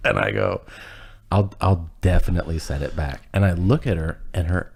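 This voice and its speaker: A man's voice: sits low, normal speed, gravelly, darkish tone. A man telling a rambling, self-deprecating story in casual chat, acting out what people said and laughing as he goes.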